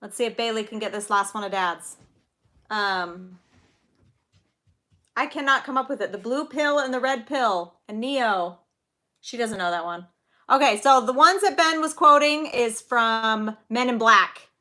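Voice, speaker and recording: A chatty woman in her thirties hosting a live trivia stream for her viewers. Her voice is bright, forward and sits a little high. She giggles easily and wanders into small anecdotes between questions. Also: unhurried. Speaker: livestream trivia host and mother. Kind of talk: casual live-stream chat.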